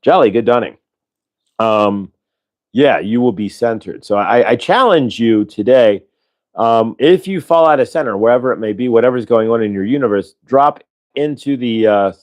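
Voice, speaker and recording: A man hosting a show, talking listeners through a breathing exercise in a relaxed, rambling way, with lots of fillers and audible sighs. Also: medium pitch, moderate pace. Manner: sighs audibly between instructions. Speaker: host leading a breathing exercise. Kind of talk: casual spoken guidance.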